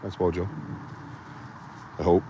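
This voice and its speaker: A man with a Boston accent hosting a field vlog outdoors in the woods, talking in a hushed, muttering way with loose fillers. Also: sits low, flat delivery, a little slow, noisy background. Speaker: vlog host, Bigfoot researcher.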